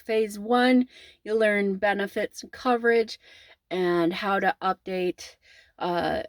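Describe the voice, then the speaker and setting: Chatty slow-talking woman vlogger. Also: medium pitch. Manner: rambling, chatty, with many fillers and restarts; informal slang, mock exasperation. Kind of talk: casual chat.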